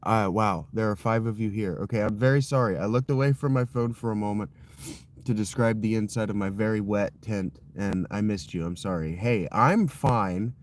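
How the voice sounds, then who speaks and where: A man chatting casually on a phone livestream from inside a wet tent, rambling, apologetic and quick to get frustrated. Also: lowish voice, poor audio. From Ohio. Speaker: livestreaming creator. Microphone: phone camera set down close.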